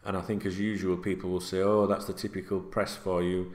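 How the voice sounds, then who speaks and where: This speaker, a middle-aged man who vlogs about football, chats from his seat at home in a sweary, filler-laden ramble. His voice sits low with a flat delivery and fairly quick pace, and the room adds echo.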